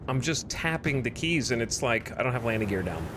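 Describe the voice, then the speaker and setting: A man's voice: mid-range voice, expressive, a little fast, background noise. A man streaming a video game, chatting casually with sarcastic, exasperated self-talk. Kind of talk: casual gameplay commentary.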